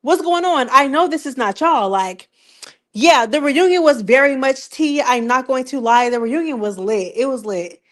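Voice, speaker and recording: A young woman with a high voice hosts a casual live-stream recap. She talks in a loose, slangy way, circling back to the same teasing questions again and again. Her delivery stays animated throughout. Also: moderate pace.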